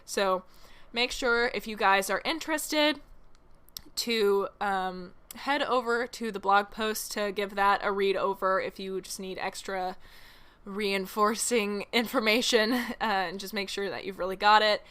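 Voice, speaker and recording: A woman's voice: medium pitch, a little slow, a bit bright, clear, resonant tone. A woman hosting a solo podcast, teaching horse training in a chatty way, laughing often and making self-mocking asides.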